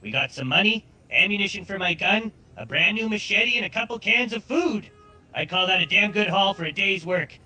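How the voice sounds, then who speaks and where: A swaggering Southern outlaw who brags about every score, voiced by a man. His tone is very bright and rather high for a man. The accent leans heavily Southern American. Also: expressive, a little fast, full character voice, poor audio. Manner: boastful, swaggering. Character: cocky male outlaw gunslinger.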